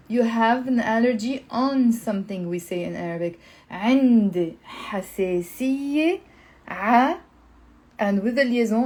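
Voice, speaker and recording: An upbeat woman leads a live online language lesson. She coaxes her viewers to repeat after her and says each word slowly. Her voice sits a little high. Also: a little mellow, rough recording. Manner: upbeat, coaxing, repeats words slowly for learners. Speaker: language teacher.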